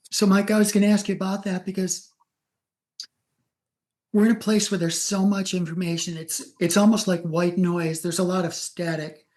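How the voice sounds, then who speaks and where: A man hosting an interview, asking long rambling questions and often clearing his throat. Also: sits high, level tone, moderate pace, a little mellow. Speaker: interview host.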